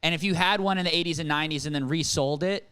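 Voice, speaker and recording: A man co-hosting a podcast in casual chat, telling stories and acting out shouted quotes. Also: fairly high pitch, fast talker, smooth. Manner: animated storyteller, acts out shouted quotes. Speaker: podcast co-host.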